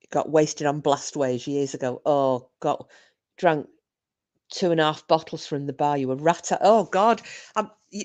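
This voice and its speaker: Chatty low-voiced woman. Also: darkish tone. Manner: chatty, swearing, telling drunken stories. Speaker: streamer. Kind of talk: casual live-stream chat with viewers.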